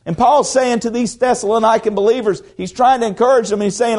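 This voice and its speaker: A man preaching a sermon in a conversational way, repeating words as he goes and swinging between quiet asides and loud, emphatic stretches. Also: very high voice, steady tone, fast. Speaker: pastor.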